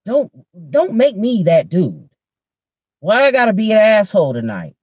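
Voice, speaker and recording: Man, podcast host, profane casual rant, fairly high voice, dull lo-fi dry sound. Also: normal speed, breathy edge, no room sound. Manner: profane, animated, talks straight to listeners.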